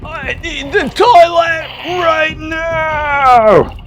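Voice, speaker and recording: Brief: frantic male ape, high yelling voice, a man doing it; slow, drawn-out lines. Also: over music, full character voice. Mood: desperate. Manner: shouting, desperate. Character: big male ape in urgent need of a toilet.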